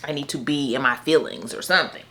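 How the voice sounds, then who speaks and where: A young woman vlogging casually about her book picks, animated and laughing often as she talks to viewers. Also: a bass voice, fast talker, a little hiss or hum. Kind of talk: casual chat to camera.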